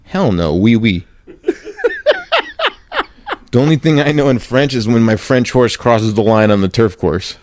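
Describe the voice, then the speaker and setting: A man's voice: mid-range voice, fairly quick, few pauses, a little mellow. A man on a podcast telling a rambling, laughing anecdote in a casual chat. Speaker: podcast co-host, former ballplayer.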